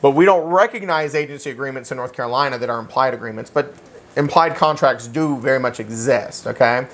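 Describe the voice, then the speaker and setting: A man teaching a real estate licensing class in an animated, joking way, often checking in with "okay?" and speaking. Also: mid-range voice, brisk, slight background noise. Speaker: real estate exam instructor. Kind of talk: classroom lecture.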